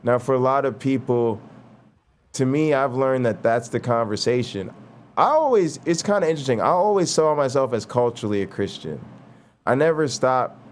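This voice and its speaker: A man hosting a casual conversation who tells animated stories and says "like" and "you know" a lot. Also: mid-range voice, moderate pace, slight background noise. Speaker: host.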